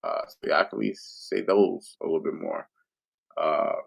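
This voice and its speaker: Gravelly-voiced man rambling on a livestream. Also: low voice, moderate pace. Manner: loose, rambling, profane. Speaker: livestream host. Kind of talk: casual monologue to viewers.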